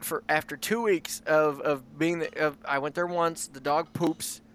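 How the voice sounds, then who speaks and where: High-voiced man spinning an absurd story. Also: unhurried, slight background noise. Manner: rambling, restarts, animated absurd build-up. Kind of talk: improvised comic storytelling.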